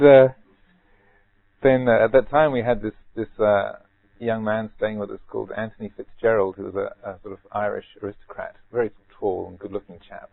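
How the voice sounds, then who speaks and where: A man, a Buddhist monk, giving a rambling, gently humorous retreat talk with many repeated words. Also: lowish voice, vocal fry. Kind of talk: retreat Dharma talk, anecdotal. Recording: tinny phone-like band.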